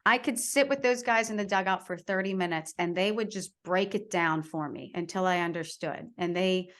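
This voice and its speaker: A woman's voice: fairly low pitch, normal speed, a bit bright. A woman in her thirties, a sports reporter, telling stories in casual chat with an enthusiastic manner and many fillers. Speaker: baseball reporter, podcast guest.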